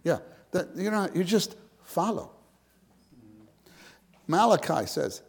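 A man giving an informal sermon to fellow believers, conversational and repetitive, swinging between loud emphasis and hushed, near-whispered words. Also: high voice, lively intonation, slow pace, gravelly, pauses often, husky. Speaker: church speaker.

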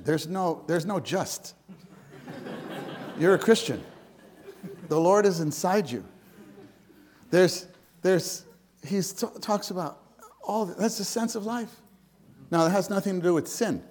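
Slow-speaking man, hushed and emphatic. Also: sits high, animated, a little hiss or hum. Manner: swings from loud emphasis to hushed near-whispers; repetitive, conversational, with restarts. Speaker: church speaker. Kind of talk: informal sermon to fellow believers.

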